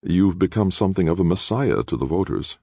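A man reading an audiobook, voicing an imperious older woman politician with a flat, cold, calculating manner. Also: deep voice, a little fast, creaky, no echo, clean studio sound, voice pushed up, exaggerated voice. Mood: icy. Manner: icy and flat, coolly calculating. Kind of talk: audiobook character voice.

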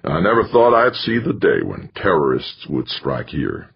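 A man's voice: extremely low pitch, huge pitch swings, vocal fry, slightly rough, full character voice. A man voicing a solemn middle-aged bishop-president. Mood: concerned. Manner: solemn, measured and consoling. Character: grave, earnest middle-aged male university president and bishop. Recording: muffled lo-fi recording.

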